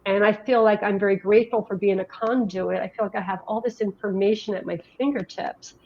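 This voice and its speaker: A woman's voice: medium pitch, steady tone. A middle-aged woman from New Jersey, telling her story as an interview guest in a chatty, rambling way. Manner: chatty, rambling, quick with many restarts. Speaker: guest, health education director. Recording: dull lo-fi sound.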